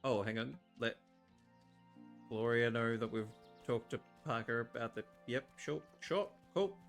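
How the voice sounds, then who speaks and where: A man's voice: mid-range voice, a little slow, creaky, soft background music. A man casually commenting on a farming game playthrough, joking and talking to the characters. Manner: animated, jokey, talks to game characters. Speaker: streamer.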